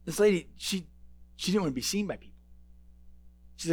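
High-voiced man preaching a sermon. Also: quick pace, pauses often, darkish tone. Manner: conversational, emphatic, repeats words.

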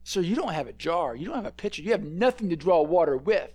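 A man's voice: fairly high pitch, very animated, quick pace, warm tone. A man voicing a surprised Samaritan woman at a well, stammering and incredulous. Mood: puzzled.

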